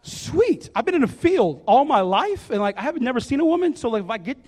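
A man's voice: high-pitched, fast, in a large hall. Man doing a cocky slangy teenage shepherd boy. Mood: excited. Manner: slangy, excited, calls people bro.

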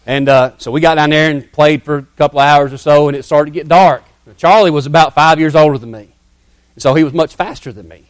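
A middle-aged man, telling a childhood story in a sermon in a folksy, dramatic way that drops to hushed tones. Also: fairly high pitch, fast talker, no echo. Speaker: preacher telling a testimony.

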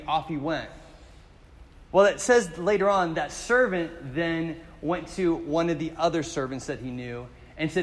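Male pastor, upper-middle pitch, casual joking sermon delivery, church hall echo. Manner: conversational storytelling with jokes.

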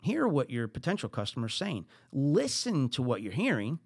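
A middle-aged man with a New Jersey accent hosting a podcast, giving business advice in an animated way with high emphatic bursts. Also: moderate pace, creaky, slightly rough, dry recording, clean studio sound. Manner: animated, acts out exasperated quotes, rising into high emphatic bursts. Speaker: podcast host.

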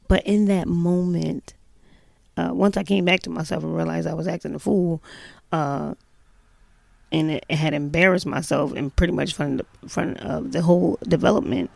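A woman's voice: on the low side, fairly even intonation, moderate pace, gravelly, darkish tone, dry recording. A mother telling a personal story in casual, chatty style, emphatic and full of "you know" fillers.

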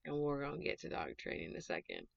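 A woman hosting her own podcast as a dog trainer, chatty and animated, gushing as she talks in a casual way. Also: low voice, fast talker, vocal fry, no echo. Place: small closet recording space. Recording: dull, dry closet recording.

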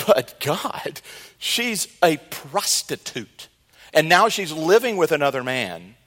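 A man voicing an exasperated biblical husband who protests loudly to God, his voice pushed higher than his own. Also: sing-song, takes it slowly, in a large hall, exaggerated voice. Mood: indignant. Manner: indignant, pleading, loud.

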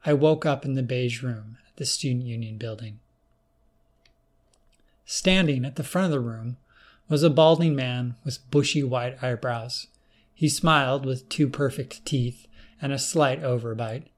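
A man narrating a first-person story in a measured, plain storytelling manner. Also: medium pitch.

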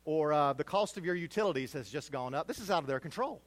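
A middle-aged man delivers a sermon as pastor, his voice sitting a little high. He preaches animatedly, building to loud, emphatic peaks and then dropping to quiet, low asides. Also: lively intonation, fast.

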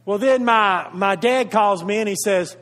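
Middle-aged guy preaching, goes loud then hushed, kinda high voice, big reverby hall. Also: unhurried. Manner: animated preaching, swings between raised emphatic lines and hushed tender ones. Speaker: pastor. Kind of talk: sermon.

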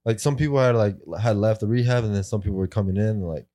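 A man with a deep, warm voice talks casually and at length, tumbling through his story with constant fillers and frequent swearing. The sound is dry and close. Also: fast talker, dry recording. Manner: rambling, fillers and profanity. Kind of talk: casual chat.

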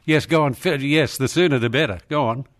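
A man's voice: mid-range voice, a little fast. A man hosting talk radio, blunt and dismissive with a dry manner. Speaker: radio host.

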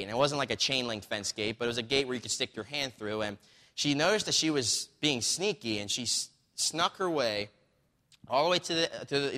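A man with a bright, forceful voice tells a story as part of a sermon. He talks loosely and conversationally, stopping for fillers and restarts, now and then reading a line from a book. His voice rings with the long reverb of a large hall. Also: medium pitch.

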